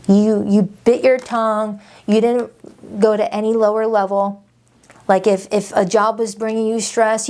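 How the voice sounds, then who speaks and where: A woman's voice: mid-range voice, darkish tone. A woman doing a casual tarot reading, chatty and emphatic, often repeating her phrases. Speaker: tarot reader.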